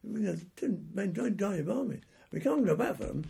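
Gravelly, raspy old man telling war stories. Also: high voice, expressive, moderate pace, mellow. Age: older. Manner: rambling anecdotal telling with restarts. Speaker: war veteran interviewee. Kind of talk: oral history storytelling.

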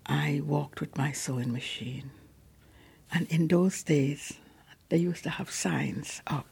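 Very husky, slow-spoken old woman. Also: low voice. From Guyana. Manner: soft-spoken, often sinking to a whisper. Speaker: lay preacher. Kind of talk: personal storytelling. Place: large cathedral.

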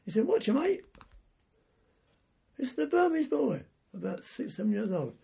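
An old veteran spins his wartime memories in a loose, wandering way, circling back over his own words. His voice is heavily gravelly and husky, sitting a bit high for a man, with a dark, mellow color. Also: big pitch swings, brisk. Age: older. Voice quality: gravelly and raspy. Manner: rambling anecdotal telling with restarts. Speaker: war veteran interviewee. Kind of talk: oral history storytelling.

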